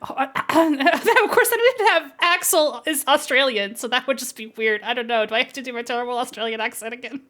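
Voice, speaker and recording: A woman streamer reading a visual novel aloud and chatting about it, giggly and playful, stammering when she gets excited. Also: sits high, a little fast, few pauses.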